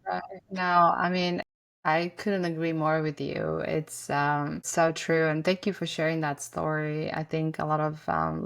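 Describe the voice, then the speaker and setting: A woman hosting an interview, asking soft, thoughtful questions with "um" and "right". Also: deep voice, creaky. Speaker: podcast host. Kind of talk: conversational interview.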